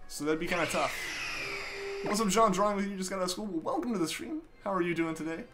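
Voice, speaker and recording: A man's voice: high-pitched, lively intonation, fast talker, fairly bright tone. A young man streaming a game live, chatting casually and reading out viewer messages in an easygoing way with lots of fillers. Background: game music playing.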